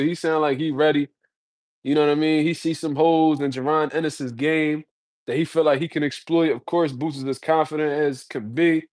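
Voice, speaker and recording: Male solo commentator with a slightly high voice. Slangy, profane, heated. Dry close-mic sound. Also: darkish tone, dry recording. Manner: blunt, slangy, heated ranting. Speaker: boxing commentator.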